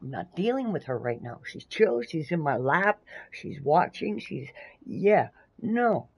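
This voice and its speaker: A Canadian woman with a gravelly, raspy voice playing a wary male gaming buddy who swears and teases. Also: deep voice, sing-song, unhurried, darkish tone, exaggerated voice. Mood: smug. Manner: profane and teasing.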